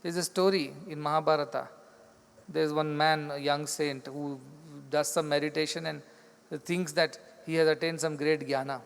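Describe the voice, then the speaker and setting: Spiritual teacher in a reverberant hall. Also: male voice, fairly high pitch, steady tone, moderate pace, creaky, smooth. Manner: explains in simple repeated phrases, acts out quoted dialogue in stories. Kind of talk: spiritual discourse with storytelling.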